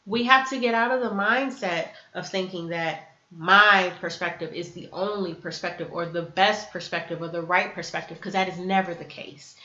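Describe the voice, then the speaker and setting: In a dull, lo-fi recording from an echoey room, a self-help video host teaches earnestly to camera and acts out sample dialogues. Her voice is medium-pitched, bright and forceful.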